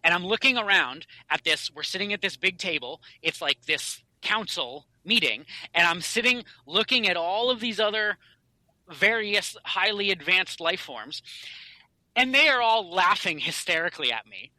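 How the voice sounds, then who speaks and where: Bright-voiced man telling a story. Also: sits high, normal speed, no room sound, rough recording. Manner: animated, rambling, many fillers and restarts. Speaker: podcast guest. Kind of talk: storytelling in a casual interview.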